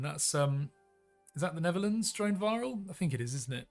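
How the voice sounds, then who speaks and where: A man's voice: fairly high pitch, expressive, normal speed, gravelly, faint music behind. A man hosting a live stream, chatting casually and upbeat while flying a plane in a simulator and greeting viewers. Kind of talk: casual live-stream commentary while playing a flight sim.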